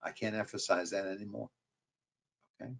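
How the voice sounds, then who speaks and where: Lecturing on sales calls in a webinar, this New York-accented marketing professor speaks briskly in a fairly low, creaky, fairly bright voice with fairly even intonation. His coaching is repetitive and emphatic, stressing key points again and again.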